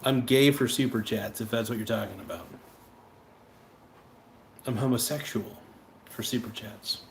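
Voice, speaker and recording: A man's voice: mid-range voice, measured pace. A man hosting a casual livestream, rambling and joking with viewers between offhand remarks. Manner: rambling, joking, breaks into improvised sung rhymes. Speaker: livestream host. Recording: echoey room, faint ambient noise.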